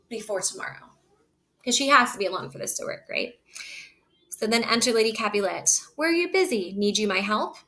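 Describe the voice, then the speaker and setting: A woman reads a play aloud, line by line, then explains each passage in relaxed, everyday words. Her voice is bright and clear, and her manner is that of a teacher walking a class through the text. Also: medium pitch. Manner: switches between reading lines aloud and plain paraphrase. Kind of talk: read-aloud with casual explanation.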